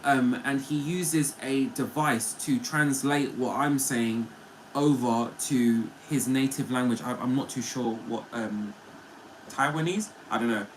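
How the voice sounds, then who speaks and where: A man's voice: medium pitch, unhurried, a little hiss or hum, poor audio. A man hosting a casual livestream, chatting playfully with viewers and reading their comments. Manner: chatty and playful, often laughing. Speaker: livestream host.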